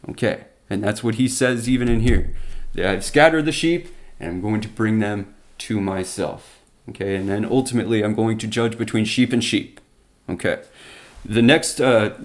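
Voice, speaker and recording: A man preaching a sermon in a conversational way, often stopping to restart and correct himself. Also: medium pitch. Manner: halting, self-correcting, conversational.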